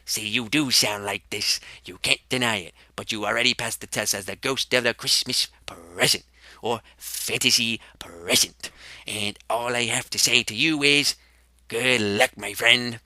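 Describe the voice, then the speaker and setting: A man voicing a sly male ghost who gives teasing advice in a hushed, half-whispered voice. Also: mid-range voice, fairly even intonation, moderate pace, dry recording.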